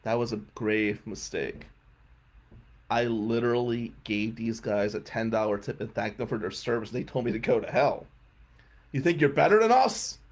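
A male radio host telling a comic story in a casual way, often clearing his throat and chuckling as he goes. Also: lowish voice, little pitch movement, normal speed.

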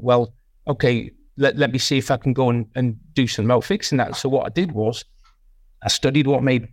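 A man's voice: medium pitch, no room sound, studio quality. Rambling man reflecting on his career. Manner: rambling, self-reflective, many restarts. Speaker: guest, sales leader. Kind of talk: casual podcast interview.

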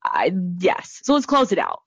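A young woman hosting a casual podcast, telling stories fast with lots of swearing and voiced-out quotes. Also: on the low side, huge pitch swings, creaky, fairly bright tone, breathy edge, no room sound, dull audio. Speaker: podcast host. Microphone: studio microphone.

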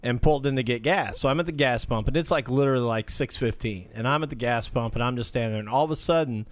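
A man, easygoing and quick to laugh, telling a story in casual chat. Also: medium pitch.

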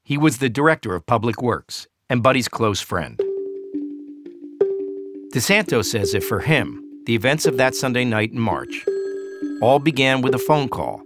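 A man narrating a documentary news story in a measured, scripted way. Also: medium pitch, sing-song. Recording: music bed under the voice.

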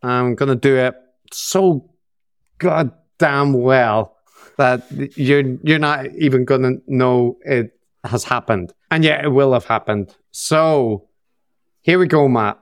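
A man's voice: mid-range voice, slow pace, clear, resonant tone, dry recording. A man with a Northern Irish accent co-hosting a podcast, teasing in a wry, casual chat and reading out lists of supporter names. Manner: wry, teasing, reads long name lists. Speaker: podcast co-host.

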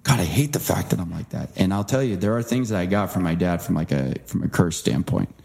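Gravelly low-voiced man telling his story. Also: fairly quick. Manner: earnest, animated impressions when quoting. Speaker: guest author. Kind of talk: storytelling interview talk.

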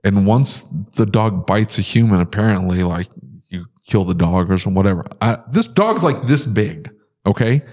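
A man's voice: lowish voice, lively intonation, moderate pace, darkish tone. A man telling stories in a casual podcast chat, ranting with exasperation and big jumps in his voice.

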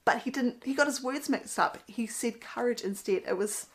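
Here a woman with a slightly high voice talks at normal speed, offering parenting commentary as a mother. It's an earnest, casual monologue that includes Bible quotes, punctuated by occasional laughter at her own anecdotes.

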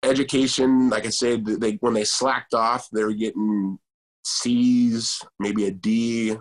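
A middle-aged man from Southern California, telling a story about his children in a halting way, often repeating and restarting words. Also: medium pitch, level tone. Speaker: guest, father of two. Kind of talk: storytelling in conversation.

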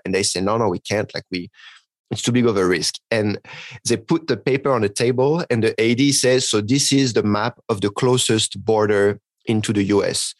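A man's voice: on the low side, fairly quick, no room sound. A circus trapeze artist telling a story in casual conversation, acting out the voices of others and laughing as he goes. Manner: animated, acts out quoted voices, laughs mid-story.

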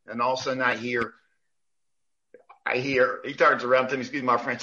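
Bright-voiced man telling lively stories. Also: medium pitch, fast, lo-fi sound. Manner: lively anecdotes, acts out quoted lines, many restarts. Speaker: basketball referee, guest. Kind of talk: animated storytelling in a podcast chat.

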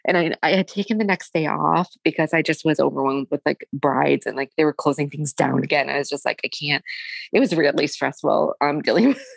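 Young woman guest, low-ish voice, dry close sound, talks in halting emotional bursts. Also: vocal fry, slightly rough, dry recording. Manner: halting, emotional, often quoting herself; frequent fillers and restarts. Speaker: guest sharing a personal story. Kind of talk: candid conversational storytelling.

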